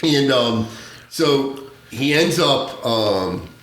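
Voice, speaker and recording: A man tells a story with lots of energy, jumping into high voices for the people in it and laughing as he goes. His voice sits at a middle pitch. The room has a noticeable echo. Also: very slow, a little hiss or hum. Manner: animated storyteller, acts out voices in high tones, laughs often, swears. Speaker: podcast guest, former narcotics agent. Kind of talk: casual storytelling.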